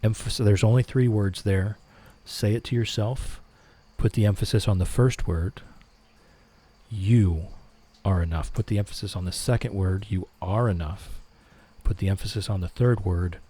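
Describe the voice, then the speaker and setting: A middle-aged man hosting a relaxed live stream, reading viewer comments aloud and answering them. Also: lowish voice, fairly quick, hardly any pauses.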